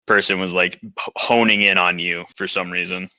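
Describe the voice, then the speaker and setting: A man's voice: sits low, normal speed, dry recording. A young man co-hosting a casual podcast, telling stories animatedly and acting out the other people in them. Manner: animated storyteller, acts out other voices. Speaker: podcast co-host. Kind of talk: casual chat, storytelling. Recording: dull lo-fi sound.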